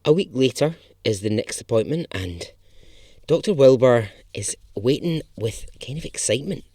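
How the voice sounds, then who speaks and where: A man's voice: medium pitch, animated, normal speed, warm tone, no echo, clean studio sound. A man hosting a podcast, telling a true story in a chatty, casual way and swearing now and then for emphasis.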